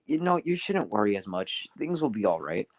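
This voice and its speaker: Old wise male engine, gentle and reassuring; a man plays him in his own voice. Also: lowish voice, brisk, no room sound, studio quality. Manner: calm, reassuring. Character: oldest, wise, calm male steam engine.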